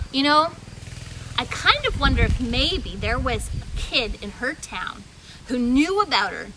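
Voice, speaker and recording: A woman guest storyteller narrating a Bible story for children. She is animated and chatty, often wondering aloud as she goes. Her voice is very high and bright. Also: slight background noise, poor audio.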